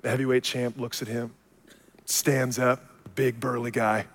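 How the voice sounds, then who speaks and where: A man preaching a sermon as a pastor, telling stories with animated swings from quiet, low passages to loud shouted peaks. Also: unhurried. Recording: long hall reverb.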